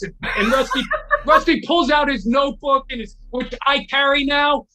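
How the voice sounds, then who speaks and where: A man's voice: very high voice, normal speed, creaky, low-quality recording. A man telling casual anecdotes as a guest, acting out the voices of people he quotes and often restarting his words. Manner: animated, acts out quoted dialogue. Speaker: guest storyteller.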